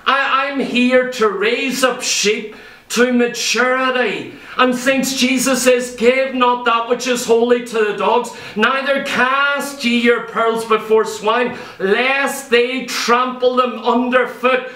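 Heard from a distance in an echoing church hall, a male preacher with a very high, piercing, bright voice gives an emphatic sermon packed with rhetorical questions. He speaks slowly, his intonation fairly even.

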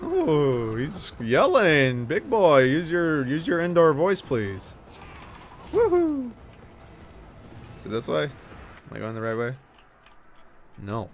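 Excitable man yelping through a game. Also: fairly high pitch, unhurried, a little hiss or hum. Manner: excitable, yelps and cheers at the game; banters with and scolds game characters. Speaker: gaming streamer. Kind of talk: let's play commentary.

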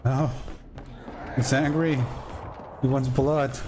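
Male gameplay streamer, unhurried delivery with excited outbursts, audible background noise. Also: medium pitch. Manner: excitable, shouts warnings at teammates, swears. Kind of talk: live gameplay commentary.

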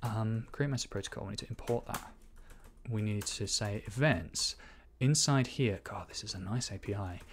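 A man works through a programming task out loud, half talking to himself as he reads out code. He corrects himself often and stops now and then to explain a point like a teacher. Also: fairly low pitch, a little hiss or hum. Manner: thinking aloud, muttering code as he types; quick self-corrections and asides. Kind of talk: live-coding commentary.

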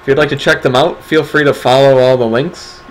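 A man's voice: mid-range voice, fairly even intonation, fairly quick, slight background noise, low-quality recording. A man hosting a casual livestream awards segment, talking in a wry, sarcastic, rambling way. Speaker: stream host presenting community awards.

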